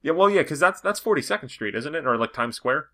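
A man's voice: fairly high pitch, expressive, pushed and bright. A man hosting a podcast in casual chat, rambling along with many "like" fillers. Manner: rambling, fast, full of "like" fillers. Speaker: podcast host.

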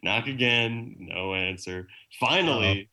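A man's voice: lowish voice, takes it slowly. A man hosting a podcast in casual chat, telling stories with lots of laughter. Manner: animated storytelling, laughs often. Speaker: podcast host.

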